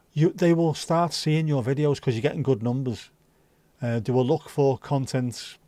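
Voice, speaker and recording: With a warm, mid-range voice and no echo on the recording, a Scouse livestream host from Liverpool chats casually. He rambles as he goes and drops the odd swear word freely.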